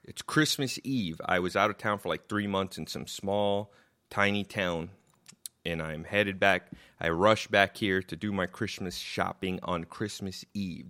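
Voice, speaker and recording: A man's voice: low voice, bright, forceful tone, clean tone. A middle-aged man hosting a podcast, telling stories in a casual, rambling and profane way, laughing at his own jokes. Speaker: podcast host. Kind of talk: casual storytelling chat.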